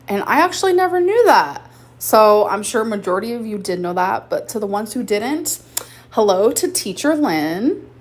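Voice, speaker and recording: A woman talking casually in a vlog, ending her phrases with a rising upward inflection. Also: medium pitch. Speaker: vlogger.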